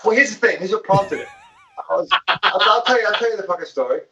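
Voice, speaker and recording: A high-voiced, bright man rambles through a story on a casual podcast and swears freely. He sits back from the mic, so his voice sounds dull and a little distant. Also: quick pace, a little hiss or hum. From American South. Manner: loud, rambling, swears a lot. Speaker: podcast co-host. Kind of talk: casual chat.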